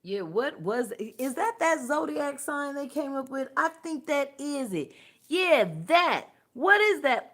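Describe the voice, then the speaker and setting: A woman's voice: big pitch swings, unhurried. A woman hosting a spiritual livestream, talking casually in a blunt, profane way and laughing often. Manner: swings from low mutters to loud outbursts. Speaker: spiritual channel host.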